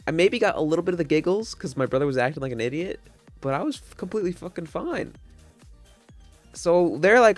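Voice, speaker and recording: A man's voice: on the high side, big pitch swings, a little fast, soft background music. A young man, casually telling a long rambling story to his stream chat, with lots of restarts and swearing.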